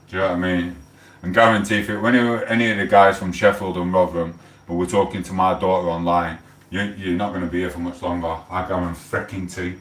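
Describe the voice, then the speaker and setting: A man's voice: sits low, level tone, fairly quick. A man, rambling and swearing in a heated rant on a casual livestream. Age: 40s. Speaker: livestream host. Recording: echoey room, mic held far off.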